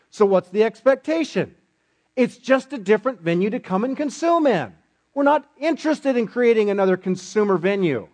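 A man's voice: sits high, a little mellow. A pastor delivering a sermon to his church, asking rhetorical questions and voicing his listeners' objections.

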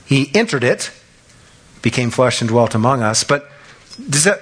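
A man in his fifties preaching a sermon, telling stories in an animated way and acting out the people he quotes. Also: mid-range voice, moderate pace, slightly rough. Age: 50s.

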